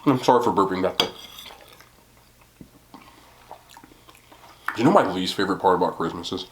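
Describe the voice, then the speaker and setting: A man's voice: low-pitched, animated, measured pace, fairly bright tone, a little hiss or hum. Chatty young man eating on camera, roomy sound. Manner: chatty and self-deprecating, laughs often, talks while eating. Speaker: mukbang vlogger. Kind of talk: casual eating vlog chat. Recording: roomy home recording.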